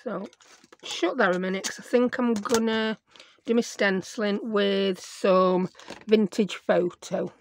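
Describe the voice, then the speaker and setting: Croaky woman crafting. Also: mid-range voice, steady tone, slow, a little hiss or hum. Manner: chatty, thinks aloud while she works. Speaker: craft video host. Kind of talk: chatty crafting tutorial. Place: home craft desk.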